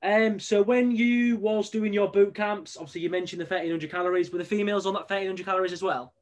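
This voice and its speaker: A man from northern England hosts a relaxed podcast chat. His voice sits a little high, and he talks with teasing, opinionated banter and easy swearing. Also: quick pace. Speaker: podcast host and personal trainer.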